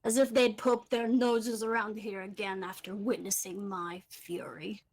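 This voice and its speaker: A woman's voice: little pitch movement, measured pace. A woman voicing a tiny male gnome who speaks far too intensely for his size, in a tabletop game. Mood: fierce. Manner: overly intense, booming.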